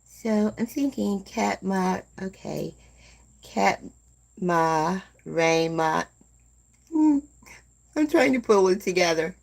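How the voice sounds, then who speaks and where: A woman in her seventies hosting a live stream, chatting slowly and gently with viewers and calling them "my dear love.". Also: medium pitch, expressive, creaky. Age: 70s. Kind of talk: casual chat with live viewers.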